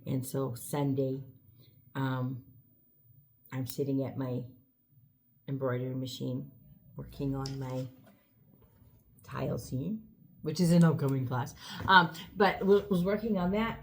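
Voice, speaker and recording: A woman's voice: low-pitched, fairly even intonation, a little slow, long pauses. A middle-aged woman co-hosting a shop's weekly show, chatting casually and telling stories with frequent laughter. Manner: chatty storyteller, laughs often. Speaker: co-host. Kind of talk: casual chat.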